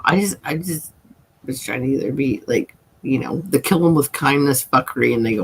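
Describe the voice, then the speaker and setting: Laughing, gravelly-voiced woman streamer. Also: rumbling low, fairly quick, poor audio. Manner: rambling, profane, laughs a lot. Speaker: livestream host. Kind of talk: casual livestream chat. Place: at home, seated.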